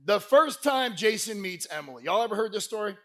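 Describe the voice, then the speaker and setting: A man giving a lively motivational sales keynote to a live conference crowd, telling stories and pushing the audience to shout answers back. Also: high-pitched, brisk. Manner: energetic, crowd call-and-response; folksy, peppered with "right?". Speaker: sales speaker.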